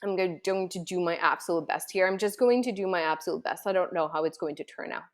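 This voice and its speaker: A woman vlogger telling a personal story in a casual, animated way, with many fillers, acting out her own thoughts. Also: on the low side, quick pace.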